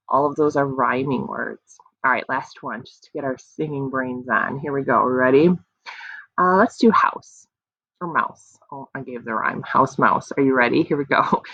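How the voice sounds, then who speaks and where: A young woman leads little children through an online phonics lesson, slow and encouraging in a sing-song way. Her voice has a slight gravelly edge. The sound is dry and a little dull, like a basic computer mic. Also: a bass voice, a bit bright, dry recording. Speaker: kindergarten teacher.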